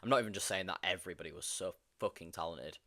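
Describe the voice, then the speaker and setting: This is a young man with a low voice and a quick pace, chatting casually on a stream. Laughing in bursts and using plenty of fillers, he lively recounts humorous stories from filming.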